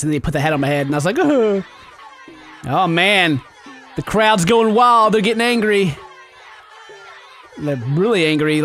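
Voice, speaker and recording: A man giving excited let's-play commentary, giggling, yelping and shouting as he plays. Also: high-pitched. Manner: giggly, exclamatory, yelps and shouts. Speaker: gaming video host.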